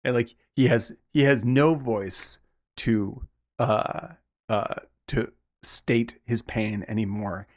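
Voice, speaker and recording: A man's voice: mid-range voice, takes it slowly. A man co-hosting a podcast, chatting casually about a film and acting out lines from it as he retells the story. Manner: animated, acts out characters' lines mid-story; swears casually. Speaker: podcast co-host.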